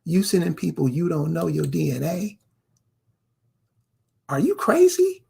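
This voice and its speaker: With a fairly high, creaky voice, a dark tone, and a breathy edge, this online commentator swings wildly in pitch while keeping an unhurried pace. He rants to camera, throwing confrontational rhetorical questions right at the viewer.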